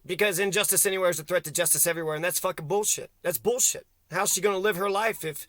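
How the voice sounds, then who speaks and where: A man from Kentucky vents in an agitated, profanity-laced rant, jumping from thought to thought. His voice sits high and sounds sharp and tense. The sound is dry and close, with little room around it. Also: steady tone, fast talker, dry recording. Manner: agitated, swearing constantly, rambling. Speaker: vlogger. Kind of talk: angry profane rant to camera.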